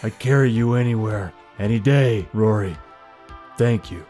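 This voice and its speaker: A man voicing a gruff, tough woman mercenary in a tabletop game, speaking low and blunt. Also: a little slow, mellow, faint music behind, natural voice. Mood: sincere.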